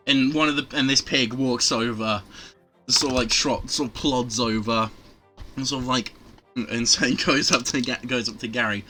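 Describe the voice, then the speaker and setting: A man's voice: mid-range voice, steady tone, moderate pace, pushed and bright, soft background music. A man narrating a tabletop game as game master in loose, rambling speech.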